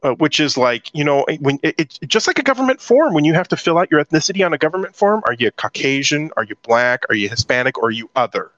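A man's voice: fairly high pitch, big pitch swings, quick pace, hardly any pauses, a bit bright, no echo. A middle-aged man from southern California, telling his life story as an interview guest and acting out his own past lines. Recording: dull dry lo-fi audio.

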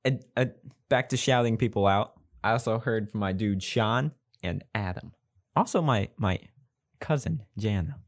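A young man co-hosting a podcast, chatting casually with quick, teasing asides. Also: lowish voice, no room sound, clean studio sound. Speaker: podcast co-host. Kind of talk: casual chat.

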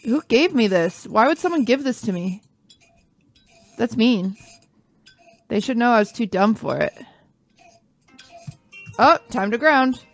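A woman's voice: a little high, sing-song, measured pace, pauses often, faint music behind. A young woman in her twenties co-hosting a podcast in casual chat, blunt and self-mocking, swearing often. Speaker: podcast co-host. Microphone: headphones and studio mic.

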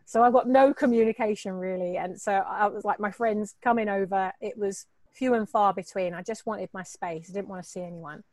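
A middle-aged woman, a guest entrepreneur, telling her story in a candid, animated way, swearing and laughing as she acts out quoted voices. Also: mid-range voice, fairly quick, hardly any pauses, dry recording.

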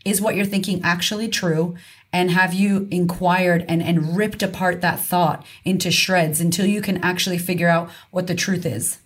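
A woman guest with a lowish voice speaks in a casual podcast conversation. She is a confidence coach who talks frankly and with emphasis. She swears casually as she makes her points. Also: fairly even intonation, moderate pace.

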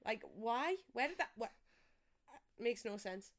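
A woman's voice: a little high, expressive, unhurried. A young woman, chatting casually as a podcast co-host, teasing and dry. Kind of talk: casual chat.

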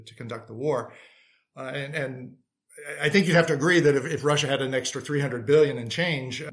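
A man speaking as a policy expert guest in a panel discussion, reasoning aloud in a measured way. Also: medium pitch, fairly bright tone.

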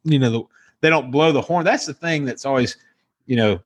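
A man co-hosting a casual golf chat, animated and quick to jump in. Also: medium pitch. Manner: animated, interjects often.

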